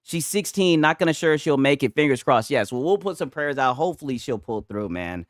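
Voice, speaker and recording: A man's voice: medium pitch, lively intonation, brisk, dry recording, clean studio sound. A man casually chatting with his viewers and reading chat on a livestream, laid-back, swearing a lot and laughing often. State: tipsy from a couple of beers.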